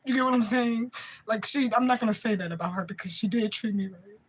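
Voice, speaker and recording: Talking fast in a slightly high, breathy voice, this medium of about forty speaks straight to camera in an emotional vlog. Her talk is unfiltered, rambling and full of swearing, and she keeps checking whether viewers are following. The audio is rough.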